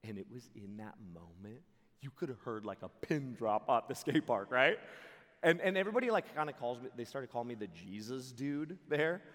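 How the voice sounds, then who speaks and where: A young man preaching to a camp crowd, telling a story in an excitable, animated way and laughing along. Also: medium pitch, brisk. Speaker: camp speaker. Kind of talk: storytelling sermon to a youth camp. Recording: long hall reverb.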